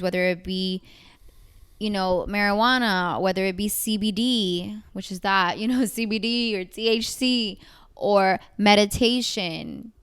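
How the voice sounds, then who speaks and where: A woman's voice: mid-range voice, a bit bright, clear, resonant tone. A woman in her twenties co-hosting a casual podcast chat, thinking aloud with fillers and frequent laughs. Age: 20s. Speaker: podcast co-host.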